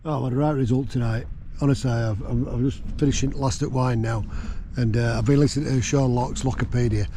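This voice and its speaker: A man's voice: medium pitch, steady tone, fairly quick, dark tone, slight background noise. A man chatting casually from his tent while wild camping, rambling with lots of fillers. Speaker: vlogger. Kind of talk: casual outdoor chat. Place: tent on a windy hill.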